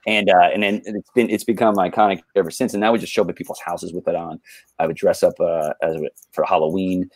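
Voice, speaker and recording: A man's voice: sits low, level tone, fast, dry recording. A man, a guest telling a rambling, laid-back story on a livestream, full of fillers and restarts.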